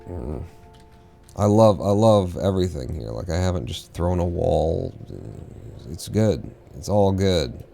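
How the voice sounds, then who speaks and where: A man's voice: low-pitched, lively intonation, a little slow, gravelly, warm tone, a little hiss or hum. A man streaming a game, rambling and swearing casually to himself as he plays. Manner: rambling, profane, mumbling to himself. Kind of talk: casual live-stream gameplay chatter.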